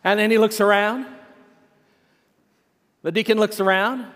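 Male pastor, sermon, deliberate storyteller, humorous, slow, church hall reverb. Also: high-pitched, fairly even intonation, fairly bright tone. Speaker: senior pastor.

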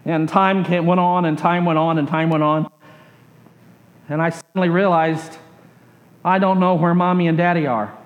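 High-voiced pastor telling a slow story. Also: male voice, steady tone, dull audio. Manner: slow repetitive storytelling, trailing off quietly at phrase ends. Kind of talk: sermon with a personal story.

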